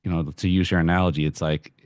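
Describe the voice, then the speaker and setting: A man's voice: deep voice, little pitch movement, fast, a little mellow, no room sound, clean studio sound. A man interviewing a guest, thinking aloud and paraphrasing the guest's points before asking. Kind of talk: casual interview.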